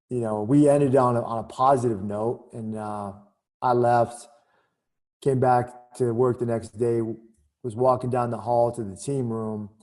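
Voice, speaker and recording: A man's voice: mid-range voice, darkish tone. A middle-aged man, a former Army captain, telling a candid story in a casual interview, full of "you know" and "man.".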